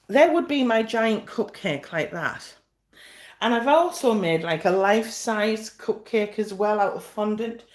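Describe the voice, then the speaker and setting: Chatty home baker in an echoey room. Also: female voice, mid-range voice. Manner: chatty, self-deprecating, restarts and fillers while fetching things. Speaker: home baker hosting a live stream. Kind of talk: casual live-stream chat.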